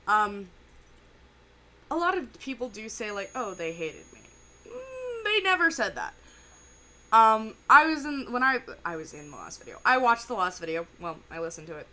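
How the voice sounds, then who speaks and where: A woman giving casual, rambling reaction commentary full of fillers and pauses. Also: a little high, very animated, pushed and bright, a little hiss or hum. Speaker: reaction video host.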